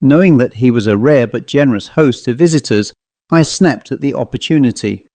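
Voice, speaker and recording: A man narrating a ghost story in a measured, formal storytelling manner. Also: medium pitch, mellow, dry recording. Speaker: narrator and author.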